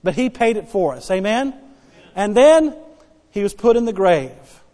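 A man preaching a sermon as pastor, emphatic and repetitive, dropping soft then rising loud to stress his points. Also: high voice, sing-song, measured pace. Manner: emphatic preaching, repeats key phrases, swings between soft and loud. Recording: long hall reverb.

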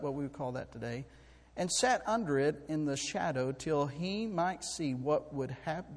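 A man preaching a sermon, swinging from quiet storytelling to loud, impassioned passages and often repeating words. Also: fairly high pitch. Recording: long hall reverb.

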